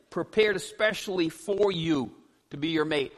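A middle-aged male pastor preaching a sermon in a church, animated and joking with the congregation, now and then hollering out. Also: a little high, moderate pace. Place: church sanctuary. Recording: long hall reverb.

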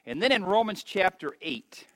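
A man in his fifties preaches an impassioned sermon with a high-pitched voice. He swings between soft, drawn-out stretches and loud, emphatic bursts. The recording is dry and close, with no room sound. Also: sing-song, no room sound, rough recording. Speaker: pastor. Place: church.

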